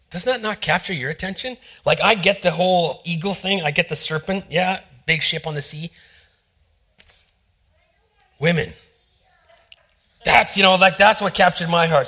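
A middle-aged male pastor preaching a sermon, telling a personal story and acting out the quotes in hushed voices. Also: on the high side, moderate pace.

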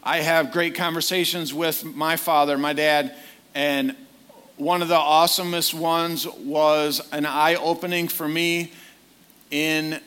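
A man's voice: a little high, flat delivery, slow pace, pushed and bright, clean tone. A man preaching a sermon in a conversational way, often putting direct questions to his listeners.

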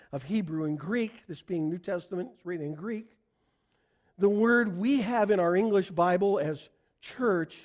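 A middle-aged man from the United States preaching a sermon in a conversational way, asking the congregation questions. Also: high voice. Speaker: pastor.

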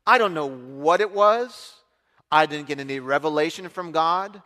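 A middle-aged man preaching, telling a story in an animated way and acting out the other voices. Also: fairly high pitch, moderate pace. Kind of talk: storytelling sermon. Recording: long hall reverb.

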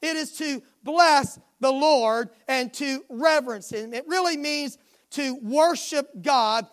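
A woman's voice: sits high, slow pace. A woman preaching a sermon at a midweek church service, emphatic and given to repeating refrains.

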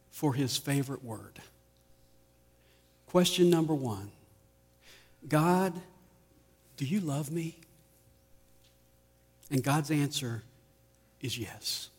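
A man preaching a sermon as pastor, slow and deliberate, often letting his voice fall soft at the ends of lines. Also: medium pitch, husky. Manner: slow, deliberate preaching with dramatic drops in volume. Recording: long reverb of a large hall.

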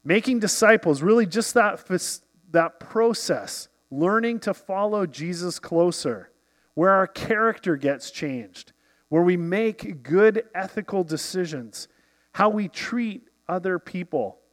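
A man's voice: high-pitched, lively intonation, slow pace, big-room sound. A man preaching an earnest, conversational sermon as pastor of a church.

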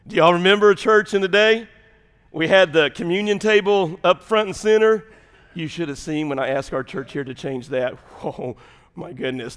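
A man's voice: high-pitched, a bit bright, clear, resonant tone. A man, a pastor preaching a folksy sermon, telling stories and making asides to his congregation. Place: church sanctuary. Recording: long hall reverb.

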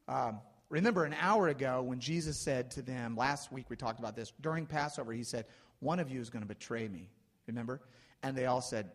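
Male pastor, mid pitch, expressive sermon delivery, long hall reverb. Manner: expressive, slows and swells when quoting scripture.

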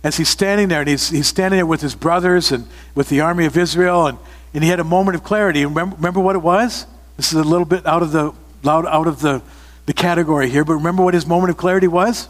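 A man delivers a sermon in a fairly high voice, earnest and direct. He often repeats his phrases for emphasis and puts questions to his listeners. His voice rings out with a long hall reverb behind it. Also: steady tone, fast talker. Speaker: pastor.

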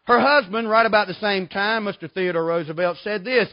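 Man, preacher, folksy sermon, emphatic, slightly high voice. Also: fairly quick, few pauses, dry recording, lo-fi sound. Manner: folksy, emphatic storytelling with sudden loud outbursts.

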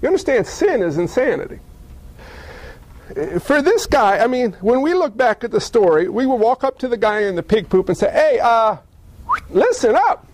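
High-voiced man preaching a folksy sermon. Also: normal speed. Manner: folksy and animated, acting out quoted voices.

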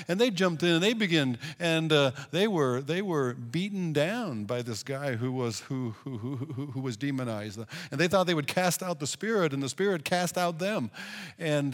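Guy teaching bible stuff, earnest, lots of restarts, kinda echoey. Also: medium pitch.

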